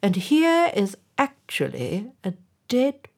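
A woman voicing a vain, pompous male town mayor in a loud, raised voice, in a storybook reading. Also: mid-range voice, huge pitch swings, slow pace, creaky, voice pushed up, exaggerated voice.

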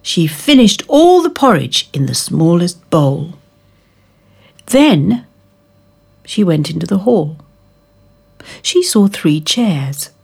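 A woman reads a children's storybook aloud in a husky, gravelly voice. She takes her time, with a lively pitch that rises and falls, and her voice sits on the low side. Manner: expressive, slow and drawn out.

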